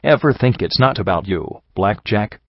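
A blunt, weary stallion , as a man reads him. His words are low and dry, and the recording is muffled and close. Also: animated, moderate pace, no room sound. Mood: wry. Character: blunt, weary male pony companion.

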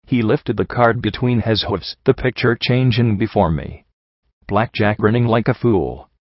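A man narrating a first-person story as an audiobook reader, in a steady, measured way. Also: lowish voice, no echo. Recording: dull lo-fi audio.

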